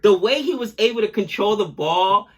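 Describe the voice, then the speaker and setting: A young adult man co-hosting a casual reaction chat, excitable and joking, swinging from loud outbursts to quiet asides. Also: high-pitched, normal speed. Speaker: co-host of a reaction channel.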